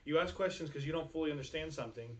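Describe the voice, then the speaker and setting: A man's voice: fairly high pitch, racing, fairly bright tone. A man venting bluntly in casual podcast chat, cursing freely.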